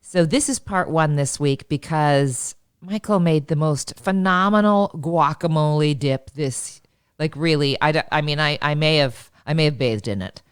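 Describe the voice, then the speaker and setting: Woman host, fairly low voice, jokey, laughs a lot, dry close sound. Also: moderate pace, clean tone, no echo. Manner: jokey, laughs often mid-sentence. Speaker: podcast co-host. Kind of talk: comedic casual chat.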